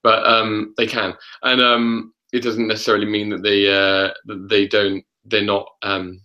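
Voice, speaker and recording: A man's voice: on the low side, level tone, unhurried, bright, forceful tone, dull audio. A man, a vocal coach, talking casually on a webinar in an easygoing, encouraging way. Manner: easygoing, encouraging, hesitant fillers.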